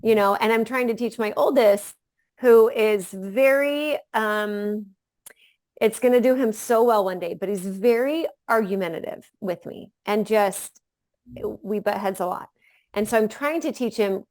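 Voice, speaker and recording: A woman guest on a podcast who is a mother, talking in a loud, energetic way in casual conversation. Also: mid-range voice, a little slow, no room sound, studio quality.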